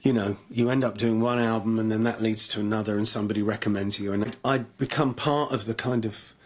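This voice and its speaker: A man's voice: lowish voice, fairly even intonation, fairly quick. An English man telling stories as a guest in an interview, rambling with many restarts. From England. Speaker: guest musician. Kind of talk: anecdotal interview chat.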